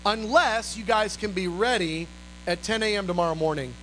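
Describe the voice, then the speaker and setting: A man's voice: high-pitched, normal speed, bright, forceful tone, a little hiss or hum, rough recording. A man voicing an offhand middle-aged fire inspector who drawls through a list of demands with many ums. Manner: casual, drawling, full of um and uh.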